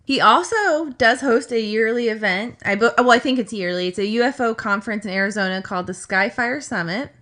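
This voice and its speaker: A woman's voice: fairly high pitch, fairly quick, hardly any pauses, a bit bright. A woman co-hosting a podcast, retelling a story in a chatty way with lots of fillers and asides. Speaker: podcast co-host. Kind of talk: casual storytelling chat.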